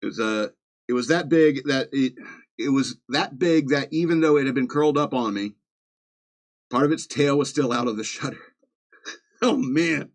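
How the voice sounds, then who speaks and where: Reading through the news at a moderate pace, this Virginia podcast host has a medium-pitched voice. His delivery is casual and comedic, laced with sarcastic remarks and chuckles.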